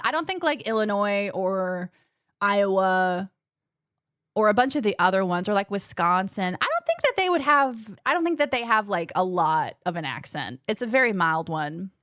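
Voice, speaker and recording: A woman streamer chatting casually with her viewers, animated and rambling, often restarting her sentences. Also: mid-range voice, moderate pace, no room sound, clean studio sound. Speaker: gaming streamer.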